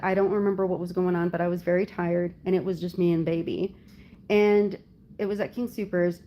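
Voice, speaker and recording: A young woman chats casually with her viewers in a warm, mellow voice that sits at a middle pitch. She tells a long personal story in a loose, rambling way, leaning on "like" and "you know" as she goes. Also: a little hiss or hum. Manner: rambling storytelling full of "like" fillers. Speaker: livestream host talking with viewers. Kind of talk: casual chat.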